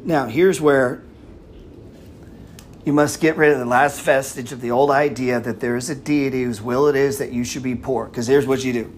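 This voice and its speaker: A man talks casually and bluntly, often swearing and wandering off on tangents. His pitch is middle of the road for a man. A faint hiss of background noise sits under the voice. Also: fairly even intonation, moderate pace. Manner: blunt, profane, rambling. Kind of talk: casual talk. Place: live audio chat room.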